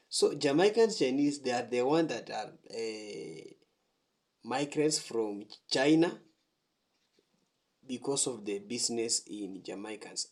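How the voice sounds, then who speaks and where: Slow-talking male reaction host. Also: mid-range voice, a little mellow. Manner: slow, repetitive, explanatory phrasing. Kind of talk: reaction commentary.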